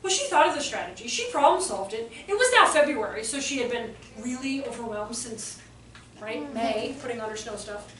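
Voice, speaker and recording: A woman with a high, bright-pitched voice gives a fast, animated talk to a live audience, acting out quotes as she goes. She is heard from a distance in a roomy hall. A faint hum sits underneath. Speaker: workshop presenter.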